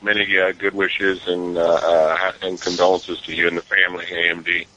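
A male regular on a call-in show who makes announcements haltingly, full of fillers. His voice is very deep yet bright and forceful. The line is dull and muffled. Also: little pitch movement, slight background noise. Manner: hesitant, lots of fillers.

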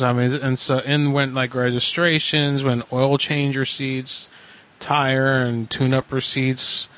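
A man's voice: medium pitch, a bit bright. A man calling roadside assistance, telling a long, rambling, profane story with lots of hesitation. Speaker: caller. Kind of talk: rambling phone call. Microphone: phone.

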